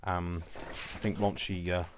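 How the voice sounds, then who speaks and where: A man's voice: sits low, little pitch movement, measured pace, background noise. A middle-aged man hosting a casual crafting tutorial, rambling and mocking himself with chuckles.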